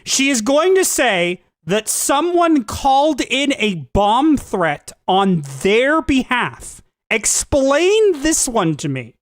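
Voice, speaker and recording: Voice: sits high, big pitch swings, slow, few pauses, dry recording, studio quality. A host giving sarcastic reaction commentary, full of mocking asides.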